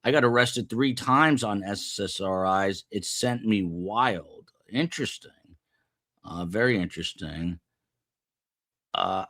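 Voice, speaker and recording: A man's voice: sits low, unhurried, fairly bright tone. A man from the United States hosting a live stream, rambling casually and chatting with viewers. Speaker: livestream host. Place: upper floor of a building.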